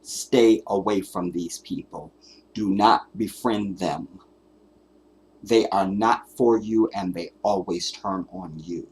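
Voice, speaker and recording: Husky-voiced man ranting on a livestream. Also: deep voice, slow pace, a little mellow. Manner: emphatic, profane, preachy. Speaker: livestream host. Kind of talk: live commentary rant.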